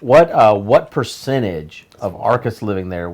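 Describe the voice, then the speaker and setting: A man with a Southern accent chatting casually on a stream, teasing and telling animated stories. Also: lowish voice, measured pace. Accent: Southern American. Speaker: stream host. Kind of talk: casual chat.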